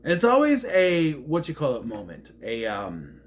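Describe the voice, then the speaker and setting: A man casually recapping a movie, rambling with fillers and slipping into quick voice impressions. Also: on the high side, huge pitch swings.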